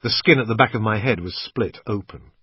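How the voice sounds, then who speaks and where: Husky male thriller narrator. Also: fairly low pitch, brisk, dry recording. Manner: tense, gritty storytelling. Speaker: audiobook narrator. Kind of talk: scripted first-person thriller narration. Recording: muffled lo-fi recording, dry.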